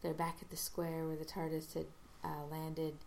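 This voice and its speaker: A woman casually recapping a TV episode, halting with restarts and briefly acting out the characters' lines. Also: low-pitched, monotone, creaky, a little mellow, slight background noise.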